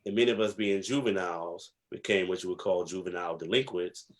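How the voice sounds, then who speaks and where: Low-voiced man telling stories slowly. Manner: reflective, slow, emphatic storytelling with many fillers. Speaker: guest, historian. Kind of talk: casual interview storytelling.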